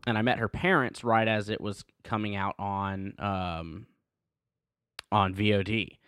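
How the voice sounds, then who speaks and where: A man's voice: lowish voice, fairly even intonation, unhurried, fairly bright tone, clean tone, no room sound, clean studio sound. A man appearing as a guest on a film review podcast, telling stories in an easygoing, chatty way.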